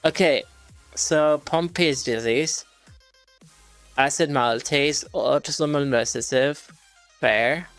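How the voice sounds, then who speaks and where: A man's voice: fairly high pitch, takes it slowly, pauses often, a bit bright, smooth, dry recording, faint music behind. A male streamer reading practice questions aloud and working through them casually, swearing when frustrated.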